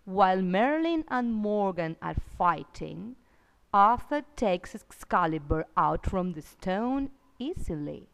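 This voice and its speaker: A woman narrating a children's story in a slow, emphatic, exaggerated way. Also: medium pitch, expressive, gravelly, clean tone. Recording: long reverb.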